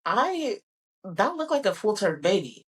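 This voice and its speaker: A young woman in her twenties hosting a podcast, telling a personal story in a candid, animated way and acting out the dialogue. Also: medium pitch, unhurried, breathy edge, distant mic, poor audio. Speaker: podcast host.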